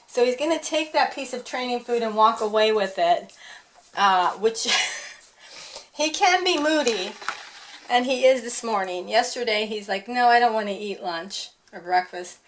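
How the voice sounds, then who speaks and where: A woman's voice: fairly high pitch, animated, slow pace, long pauses, fairly bright tone. Chatty woman training her dog at home. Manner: chatty, talks to the dog and voices his thoughts. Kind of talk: casual training demonstration.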